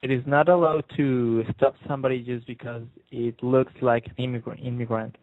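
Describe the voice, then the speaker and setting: A male co-host in casual chat, his voice at an ordinary pitch. He picks his words haltingly and hesitantly. The audio is dry, narrow and phone-like. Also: little pitch movement, no echo. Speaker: podcast co-host.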